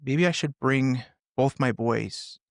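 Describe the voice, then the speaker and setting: Middle-aged man, gravelly, dry close mic; earnest storyteller who restarts often. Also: mid-range voice, no echo. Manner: earnest, halting, with many restarts. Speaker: podcast guest, firefighter and author. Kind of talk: storytelling in a conversation.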